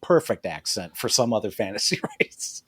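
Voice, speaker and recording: A man's voice: on the low side, big pitch swings, normal speed, fairly bright tone, husky, dry recording, clean studio sound. A man co-hosting a podcast, recapping a TV episode in a casual, profane, joking style and laughing often. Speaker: podcast co-host. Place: podcast studio.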